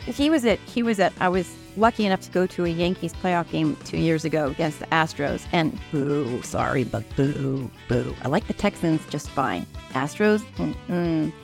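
A woman's voice: sits low, normal speed, creaky, few pauses, over music. A middle-aged woman hosting a podcast, chatting casually about politics, swearing and acting out quotes in big voices. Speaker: podcast host.

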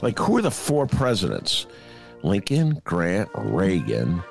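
A man's voice: low voice, huge pitch swings, slow, gravelly, faint music behind. A middle-aged man hosting a podcast, joking and self-deprecating in casual chat. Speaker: podcast host.

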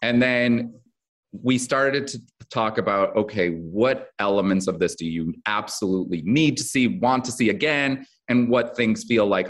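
Deep-voiced man rambling through an interview. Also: normal speed, fairly bright tone. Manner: rambling, lots of fillers and restarts. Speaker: soap opera head writer. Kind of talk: casual interview talk.

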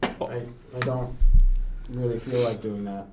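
A man co-hosting a casual chat podcast, sardonic and sarcastic, with quick quips and swearing. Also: medium pitch, steady tone, noisy background. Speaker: podcast co-host.

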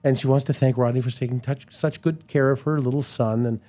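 A man's voice: mid-range voice, a little fast. Man telling stories with many restarts. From Canada. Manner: lively storyteller, many restarts, slips into impressions. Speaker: podcast guest. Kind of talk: casual anecdote chat.

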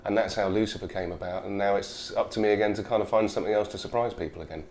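Low-voiced man, chatty. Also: fairly even intonation, very fast, a little mellow, slight background noise. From United Kingdom. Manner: chatty, rambling with many fillers. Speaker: actor guest. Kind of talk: casual interview chat.

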